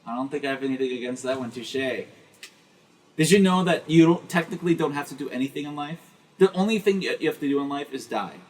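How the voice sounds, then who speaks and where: A man's voice: on the high side, lively intonation, fairly quick. Young man rambling through a joke. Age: young adult. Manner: rambling storyteller with fillers, quizzing friends. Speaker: podcast host. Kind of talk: casual chat, joke telling. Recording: distant mic with faint hiss.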